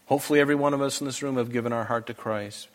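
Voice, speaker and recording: A pastor races through his sermon in a medium-pitched, steady voice, addressing a congregation in a church hall. He sounds earnest and emphatic as he presses them with pleading questions.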